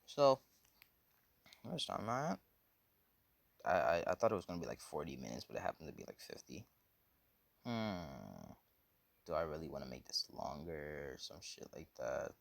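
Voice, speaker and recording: A man's voice: a bass voice, very animated, normal speed, creaky, pauses often. A man casually telling a fan story, rambling and slangy with lots of fillers.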